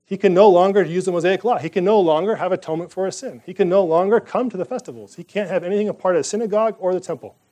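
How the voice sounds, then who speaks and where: A man preaching a sermon, his voice sitting a little on the high side. He talks to the congregation in an easy, conversational way and keeps asking them rhetorical questions. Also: rapid-fire, hardly any pauses, warm tone. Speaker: pastor.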